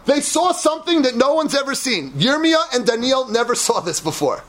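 High-voiced man giving an impassioned Torah class. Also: very animated, normal speed. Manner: dramatic, rising to shouts. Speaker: Torah lecturer.

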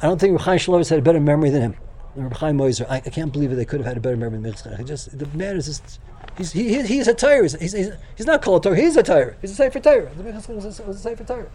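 Older rabbi giving a torah class, super excited, talks quick, keeps tripping over his words and starting over. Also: fairly high pitch, slight background noise. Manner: excitable and enthusiastic, with many restarts and repeated words. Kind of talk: Torah lecture.

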